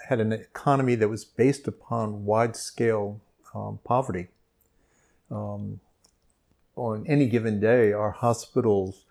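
Gravelly New Orleans man, measured and thoughtful. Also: on the low side, darkish tone. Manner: thoughtful, measured, frequent ums. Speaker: guest expert. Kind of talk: interview conversation.

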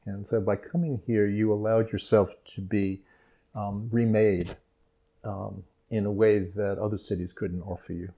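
A man with an authentic New Orleans accent talks through ideas carefully as an interview guest. His low voice has a gravelly, fried edge and a dark, mellow tone. He pauses often with ums and moves along at a measured pace. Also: little pitch movement. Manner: thoughtful, measured, frequent ums. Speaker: guest expert. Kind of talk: interview conversation.

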